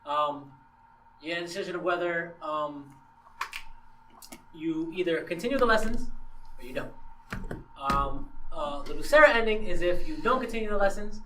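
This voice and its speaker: A man's voice: a little high, moderate pace, pauses often, distant mic, noisy background. A man hosting a podcast who chats casually, tells stories with animation, acts out characters and laughs often. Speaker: podcast host. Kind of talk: casual chat.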